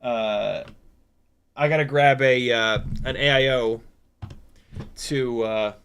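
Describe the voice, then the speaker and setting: A tired man in his forties or older hosts a casual livestream, talking at an ordinary mid pitch. He rambles candidly with plenty of fillers, reads viewer comments aloud and drops self-mocking asides. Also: steady tone, slow, a bit bright, smooth. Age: 40s or older. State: tired, sleep deprived. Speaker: FPV drone livestream host.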